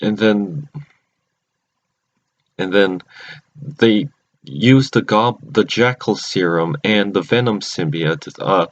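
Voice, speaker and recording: A man's voice: lowish voice, slow, pauses often. A man casually recapping a cartoon episode at home, rambling with many restarts and self-corrections. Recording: dull lo-fi recording.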